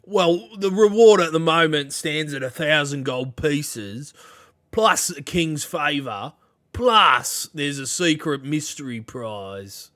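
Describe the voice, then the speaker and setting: Slow, bright-voiced game master. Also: male voice, on the high side, no echo, studio quality. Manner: relaxed, laughs often, filler-heavy narration. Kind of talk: running a tabletop game.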